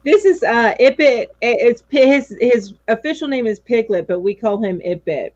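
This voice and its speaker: A woman co-hosting a casual crochet live show over a video call, bubbly and animated, often apologizing. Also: a little high, moderate pace, no echo, highs cut off. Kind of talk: casual chat.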